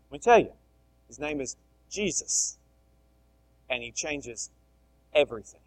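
A middle-aged man preaching a sermon, animated, swinging between loud emphasis and soft asides. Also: mid-range voice, a little slow, long pauses, low-quality recording. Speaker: pastor.

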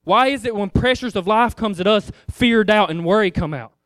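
A man's voice: high-pitched, moderate pace, a bit bright, no echo, studio quality. A man preaching an informal sermon in a conversational way, firing rhetorical questions at the congregation.

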